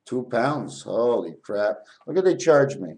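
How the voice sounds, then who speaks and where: A man's voice: mid-range voice, sing-song, unhurried, darkish tone, a little hiss or hum. A man vlogging a rambling spiritual monologue, jumping between topics and swearing.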